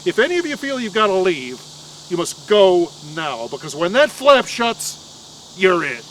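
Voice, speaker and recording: A man voicing a solemn woman ritual leader who gives commands in a measured way in a storytelling monologue. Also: high-pitched, very animated, a bit bright, slight background noise, exaggerated voice, rough recording. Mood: stern.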